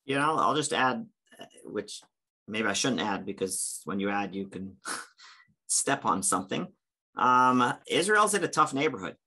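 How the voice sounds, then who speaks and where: A man's voice: medium pitch, animated, unhurried, pushed and bright. Impassioned man speaking on a panel. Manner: earnest, impassioned, hesitant with fillers. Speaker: panelist, campus religious director. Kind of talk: panel discussion.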